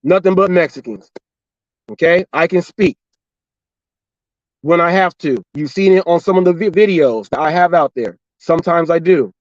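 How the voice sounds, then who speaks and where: A middle-aged man with a fairly high voice tells a story in an animated, repetitive way, acting out both sides of a conversation. The sound is dry and slightly dull, with no room echo. He talks casually, like a driver and show host talking to his regular viewers. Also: moderate pace, long pauses. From Los Angeles and Orange County, California. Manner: animated, repetitive retelling with quoted dialogue.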